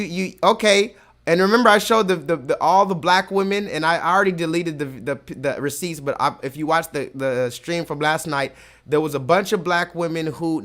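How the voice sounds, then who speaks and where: A man's voice: a little high, bright, forceful tone. Profane, emphatic male livestream host. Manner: profane, emphatic, slows down to stress points. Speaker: streamer host reading chat comments. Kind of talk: casual livestream rant.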